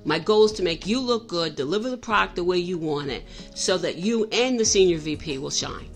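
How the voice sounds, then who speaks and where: A woman's voice: on the low side, lively intonation, a little fast, faint music behind. Candid middle-aged woman telling a story. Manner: candid, self-reflective, frequent restarts. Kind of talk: personal storytelling monologue.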